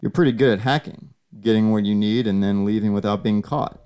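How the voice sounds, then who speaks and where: A man voicing a smug, professional government agent who speaks calmly and persuasively, in an audio story. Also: fairly low pitch, clean tone, soft background music, close to an everyday voice. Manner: calm, smug, measured persuasion.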